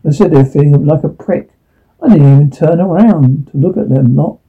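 Husky man reading a story. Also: a little high. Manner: halting, stumbles over words. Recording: tinny phone-like line.

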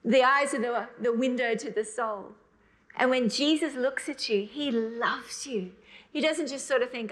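A middle-aged woman preaching a sermon, earnest and emotional, rushing ahead in bursts, then slowing to soft, drawn-out emphasis. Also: a little high.

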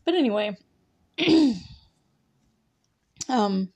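A woman's voice: a little high, lively intonation, extremely slow, darkish tone. A young woman hosting a podcast, recapping a show in a rambling, casual way with many fillers and laughs. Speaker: podcast host.

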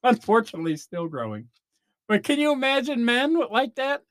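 A man's voice: extremely high pitch, sing-song, brisk, a bit bright, no room sound, studio quality. Rambling comic man ranting on a podcast. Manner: rambling, self-interrupting rant with mock voices. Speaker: podcast host. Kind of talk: comedic monologue.

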